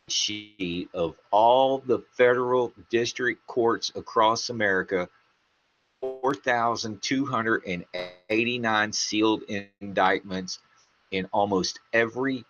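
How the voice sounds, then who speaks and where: A male radio talk show host speaks slowly and deliberately in a fairly low voice. His tone is bright and firm. The recording is dull and lo-fi. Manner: slow, measured, deliberate.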